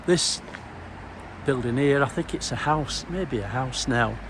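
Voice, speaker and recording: A middle-aged man narrates a stroll around a small town in a gravelly, mid-pitched voice. He rambles casually from one sight to an anecdote about his old police days, with a dry sense of humour. A faint hum of the street sits under his voice. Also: unhurried. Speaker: former police officer giving a walking tour. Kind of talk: casual walking-tour narration.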